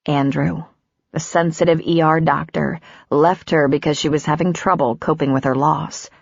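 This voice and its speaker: Husky woman narrating an audiobook. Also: deep voice, no echo, lo-fi sound. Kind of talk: scripted narration.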